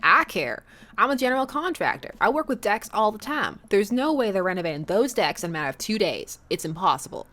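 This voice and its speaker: A woman's voice: mid-range voice, very animated, brisk, a bit bright. A woman voicing a burly, easygoing male dad, a competitive contractor, in a put-on fake Southern accent with a teasing, folksy drawl. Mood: laid-back.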